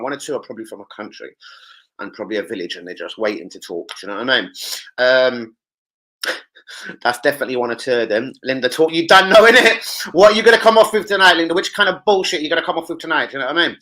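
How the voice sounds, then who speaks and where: A young man, hosting a football live stream and chatting with his viewers in an animated, slangy and sweary way. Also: on the high side, low-quality recording. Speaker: football livestream host. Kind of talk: casual live-stream chat.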